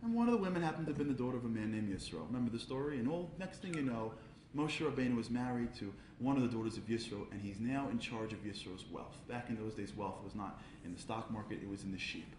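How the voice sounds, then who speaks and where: A man gives a comic storytelling speech at a charity event. He acts out voices and builds to loud peaks. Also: medium pitch, quick pace, reverberant, background noise. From Brooklyn, New York.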